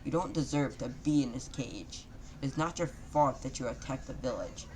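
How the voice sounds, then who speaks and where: A boastful young male ninja, loud and quick to yell, his lines tumbling out in clumsy rhymes, voiced by a man telling the story. The voice stays mid-pitched and plain, close to the reader's own. A faint hiss sits under it. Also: expressive, close to an everyday voice. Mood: defiant. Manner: shouty bursts, loose rhyming.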